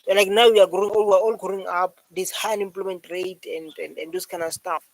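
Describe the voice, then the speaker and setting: A man's voice: sits high, steady tone, fairly quick, no echo, poor audio. A man with a South African accent giving a rambling, repetitive reaction commentary, full of fillers. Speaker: reaction video host.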